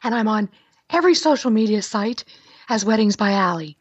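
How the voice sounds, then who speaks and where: A woman's voice: mid-range voice, animated, a little fast, no echo, muffled recording. A middle-aged woman, chatting upbeat as a guest in an interview. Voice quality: raspy. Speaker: guest, wedding planner. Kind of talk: casual interview talk.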